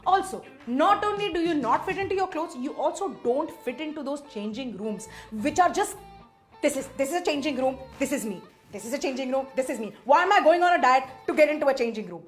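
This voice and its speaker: A woman's voice: sits high, animated, brisk, soft background music. A young woman doing a stand-up comedy set in a sarcastic, self-deprecating way with lots of rhetorical questions.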